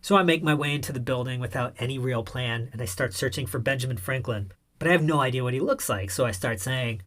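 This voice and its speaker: An irreverent male narrator tells a scripted comic story in the first person. His delivery is wry and cheeky, and his voice sits at a mid pitch. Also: quick pace, hardly any pauses, fairly bright tone.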